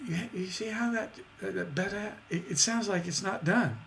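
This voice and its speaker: A man's voice: sits high, moderate pace, creaky, few pauses, fairly bright tone, slight background noise. A man teaching songwriting on a livestream. He talks casually with fillers and restarts, and sings out rhythms with beat sounds. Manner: demonstrates rhythms by vocalizing beats; chatty, with many fillers and restarts.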